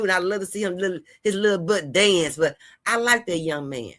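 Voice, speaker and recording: Woman host, low voice, casual chatty vlog monologue, preachy and heartfelt. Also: a little fast, few pauses, fairly bright tone. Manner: chatty, rambling, addresses viewers as y'all; heartfelt and preachy, giving life advice. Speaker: host of a gossip and news channel.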